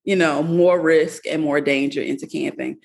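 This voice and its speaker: Gravelly-voiced woman setting things straight. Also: low-pitched, steady tone, moderate pace, darkish tone. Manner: clarifying, matter-of-fact, adds corrections. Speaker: guest. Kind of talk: casual conversation.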